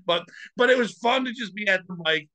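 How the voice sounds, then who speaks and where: A man's voice: sits high, a little fast, dry recording, low-quality recording. A man telling comedy stories in casual podcast chat, laughing often and acting out what people said. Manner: animated, laughs often, acts out quotes. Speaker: podcast host.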